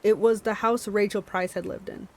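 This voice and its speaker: A woman's voice: mid-range voice, steady tone, normal speed, creaky, poor audio. A woman hosting a book club stream, reading a novel aloud with small stumbles and self-corrections, and chatting to her viewers between passages.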